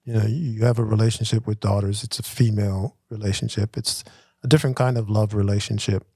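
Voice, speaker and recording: A middle-aged man speaks in a lowish voice, thinking aloud with pauses as he co-hosts a casual talk. The sound is dry and close, with no room echo. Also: fairly even intonation, mellow, breathy edge. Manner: thoughtful, halting, self-reflective. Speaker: podcast co-host. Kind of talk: casual conversation.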